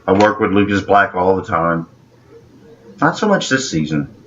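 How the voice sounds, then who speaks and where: A man's voice: low voice, very animated, normal speed, fairly bright tone. A man who works as an actor, co-hosting a casual movie chat in a playful, jokey way. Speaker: co-host of a movie review show, working actor. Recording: dull sound with faint background hiss.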